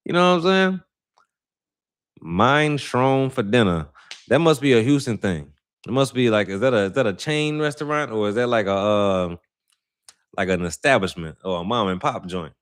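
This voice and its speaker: This young livestream host from Saint Louis has a clear, resonant medium-pitched voice, animated and at a normal speed. He chats loosely and rambles with viewers in slang, repeating "you know what I'm saying" often.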